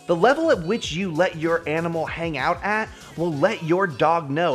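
A man's voice: a little high, lively intonation, normal speed, few pauses, fairly bright tone, soft background music. A man hosting a casual instructional pet vlog, playful and slangy in manner. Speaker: dog trainer vlogger.

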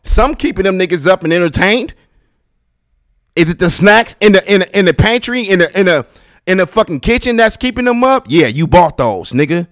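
Man, podcast host ranting solo at home, loud and profane, dry close sound. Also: a little high, normal speed, no echo. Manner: loud, profane, animated ranting that swings between quiet and shouting. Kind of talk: casual monologue rant. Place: his house.

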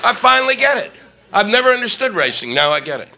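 Stand-up man, 50s, explosive profane ranter, lively swooping delivery, noisy live recording. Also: high voice, quick pace. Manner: ranting, explosive, profane outbursts. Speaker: stand-up comedian. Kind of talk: stand-up comedy set. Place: comedy club stage, live audience.

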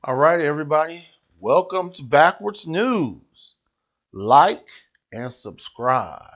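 A man's voice: fairly high pitch, expressive, slow, a bit bright, muffled recording. A man hosting a satirical news show, ranting with mocking sarcasm. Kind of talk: comic political rant.

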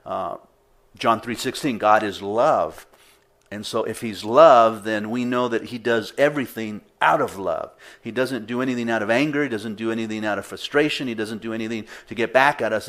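Man, middle-aged pastor, low voice, conversational sermon, fillers and restarts. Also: normal speed, a bit bright. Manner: conversational, with fillers and repeated words.

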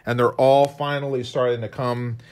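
A man's voice: mid-range voice, level tone, normal speed, darkish tone, clear, resonant tone. A man co-hosting a live painting stream, chatting in a rambling, self-deprecating way as he works. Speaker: co-host and illustrator. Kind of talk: casual live-stream chat while painting.

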